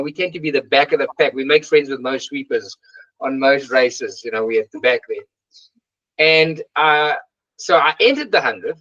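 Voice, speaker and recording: A man speaks as an interview guest, chatty and anecdotal, restarting his sentences as he goes. The sound is dry and somewhat dull, like a lo-fi video call. His pitch sits in an ordinary middle range. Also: a bit bright, no echo. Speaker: interview guest, trail runner. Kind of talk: casual conversation.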